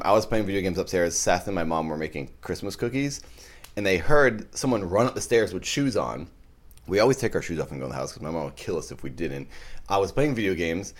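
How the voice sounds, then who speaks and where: Lively low-voiced man telling ghost stories. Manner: rambling, animated storytelling with many restarts. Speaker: podcast host.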